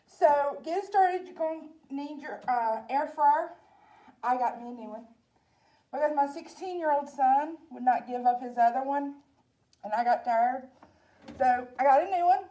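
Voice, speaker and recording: A woman in her forties with a Southern drawl hosts a relaxed cooking demonstration. Her voice sits high and mellow. She talks in a chatty, homey way and calls her viewers y'all. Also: normal speed. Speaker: library program host.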